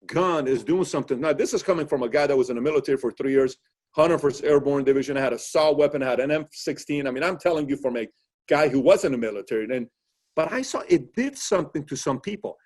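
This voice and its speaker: A man's voice: medium pitch, fast talker. A man hosting a casual interview, asking questions and telling stories with acted-out quotes. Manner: animated storytelling, acts out quotes. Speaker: podcast host.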